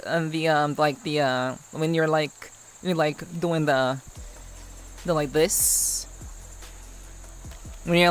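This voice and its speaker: A woman's voice: fairly low pitch, a bit bright. A woman streamer chatting casually with her viewers in a put-on Russian accent, teasing and playfully stern, rambling and laughing often. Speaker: VTuber streamer. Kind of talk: casual livestream chat with viewers.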